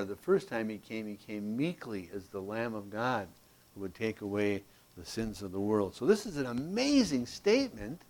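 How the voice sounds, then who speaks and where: In a mid-range, slightly mellow voice, a man works through scripture verse by verse, explaining each passage, checking in regularly with "okay?", and giving the verses rising emphasis as he reads them aloud.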